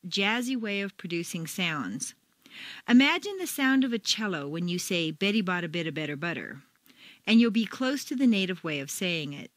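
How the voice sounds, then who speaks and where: A woman reading a scripted pronunciation lesson in a measured way, stopping to demonstrate example phrases. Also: medium pitch, fairly bright tone, no echo. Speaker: pronunciation teacher. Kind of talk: scripted instructional narration.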